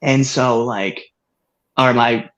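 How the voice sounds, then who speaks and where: A man co-hosting a podcast, telling a story in casual chat with frequent laughter and excited jumps in voice. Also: takes it slowly, low-quality recording. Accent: Massachusetts. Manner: animated storyteller, laughs often, swings high when excited. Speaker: podcast co-host.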